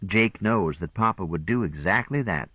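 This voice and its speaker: A man's voice: low-pitched, lively intonation, normal speed, no echo. A man voicing a proud, earnest young woman who speaks in a matter-of-fact way, in a dull lo-fi recording.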